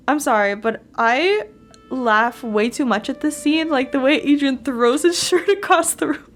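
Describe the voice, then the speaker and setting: Giggly woman host, fairly high voice. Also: unhurried. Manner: giggly, chatty, laughs often. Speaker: fan channel host. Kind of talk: casual fan commentary.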